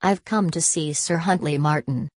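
Woman voicing a small polite bear, earnest, storybook, low voice. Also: normal speed, darkish tone, no room sound, studio quality. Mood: indignant.

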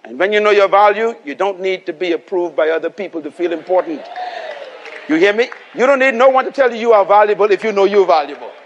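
A man's voice: sits high, lively intonation, quick pace, lo-fi sound, slight background noise. A Bahamian man preaching a live sermon, emphatic and repetitive, calling on the congregation to respond and repeat after him. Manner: emphatic, repeats lines and calls for audience response. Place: live venue before a congregation.

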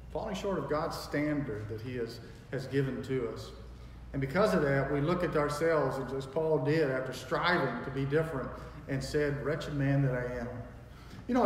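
A pastor preaching a sermon with emphatic, folksy delivery, jumping from quiet asides to loud declarations. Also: male voice, a little high, a little hiss or hum. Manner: emphatic preaching with wide swings in loudness; folksy storytelling. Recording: echoey hall with long reverb.

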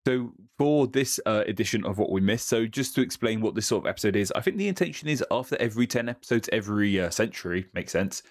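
A man's voice: fairly low pitch, fast talker, few pauses. Chatty man on a podcast. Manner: relaxed, chatty, with fillers and restarts. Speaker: podcast co-host. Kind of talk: casual history podcast chat.

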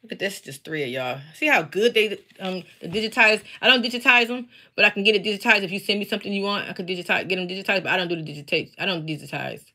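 Bright-voiced chatty woman crafter. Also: mid-range voice, quick pace, few pauses. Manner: chatty, talks straight to viewers. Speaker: craft seller and teacher. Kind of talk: casual live-stream chat. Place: home basement.

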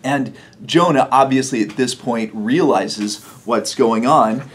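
A man's voice: mid-range voice, takes it slowly, breathy edge. A man preaching a sermon in a church, telling the story in a conversational way and chuckling often. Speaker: pastor.

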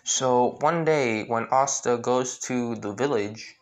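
A man retelling a fan story in a halting way, with many restarts and fillers. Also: mid-range voice, highs cut off.

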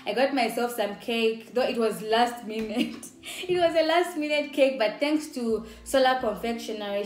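A young woman with a Zambian accent, chatting upbeat to camera in a casual vlog and laughing often. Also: fairly high pitch. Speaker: YouTuber. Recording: echoey room with faint music.

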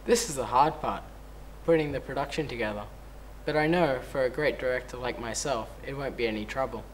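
A man's voice: mid-range voice, fairly quick, a little hiss or hum, lightly acted, low-quality recording. A man playing a self-important theatre director in a mockumentary, talking in a pompous, self-congratulating way. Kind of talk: mockumentary interview.

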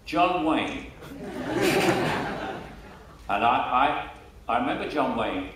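Recorded with a distant mic in an echoey room, this casual anecdotal interview is very noisy. The guest, an older Cockney-accented man, tells stories slowly in an animated, mid-range voice, chatting away, laughing often and repeating words when he restarts.

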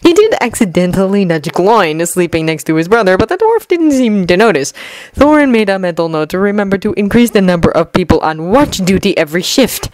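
A woman reading a fanfiction story aloud at a gentle, even pace, lightly acting out the dialogue. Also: medium pitch, a little fast, no echo, low-quality recording. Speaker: fanfiction reader.

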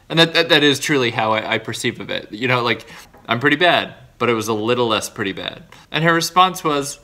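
Earnest, bright-voiced man rambling in a video diary. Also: medium pitch, a little fast. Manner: earnest, rambling, self-deprecating. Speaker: vlogger.

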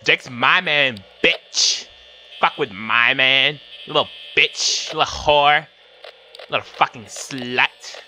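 A man's voice: medium pitch, slow pace, pushed and bright, slight background noise, exaggerated voice. A man voicing a bratty, foul-mouthed young woman who taunts in a catty way. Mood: taunting.

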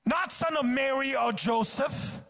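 A man's voice: very high-pitched, a little slow, vocal fry, a bit bright. A male guest preacher delivering a sermon at a church service, exhorting with emphatic repetition.

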